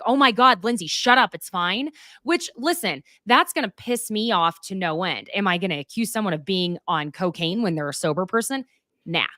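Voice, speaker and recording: A woman podcast host with a mid-pitched voice and a dry, close sound. She talks frankly and animatedly, acting out what people said in a casual chat. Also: dry recording. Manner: animated, frank, acts out quotes.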